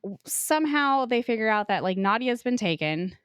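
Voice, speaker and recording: A woman's voice: a little high, animated, normal speed, a bit bright, clear, resonant tone, no echo, clean studio sound. A woman co-hosting a casual book podcast, loosely retelling a plot with frequent "like" fillers and casual swearing. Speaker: podcast co-host.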